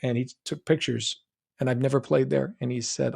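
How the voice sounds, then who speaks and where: An American man with a General American accent answering fan questions on a live stream, chatty and joking, with quick asides and restarts. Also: mid-range voice, fairly even intonation, gravelly, a little mellow, husky. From United States. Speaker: guest voice actor answering fan chat. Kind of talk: live stream Q&A, reading chat questions aloud.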